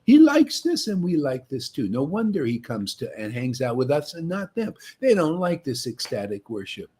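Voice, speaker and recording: Husky, confrontational male preacher. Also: medium pitch, big pitch swings, moderate pace, a little mellow. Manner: confrontational, taunting, repeats "man" and "see?". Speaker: preacher leading a devotee meetup. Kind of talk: impassioned street-style preaching.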